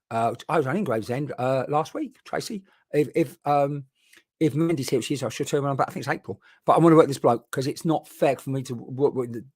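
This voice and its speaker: A man working as a spiritual medium in a live online session, talking in a rambling, chatty way full of restarts, into a boom mic. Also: no echo, clean studio sound.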